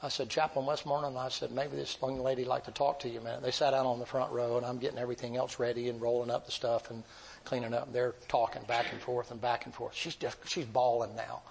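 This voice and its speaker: A man preaching, telling a long story in a folksy, drawn-out way. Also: medium pitch, little pitch movement, gravelly, slightly rough, poor audio. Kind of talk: sermon storytelling.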